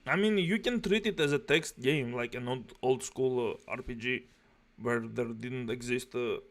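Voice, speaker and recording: A man's voice: mid-range voice, normal speed. A man reacting to a stream, scornful and foul-mouthed, with a harsh delivery. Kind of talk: commentary.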